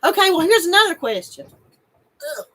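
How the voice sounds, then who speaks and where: A woman's voice: very high-pitched, sing-song, fairly quick, a bit bright, low-quality recording. A middle-aged woman, hosting a casual live stream and chatting with viewers, giggly and emotional and laughing often. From North Carolina, USA.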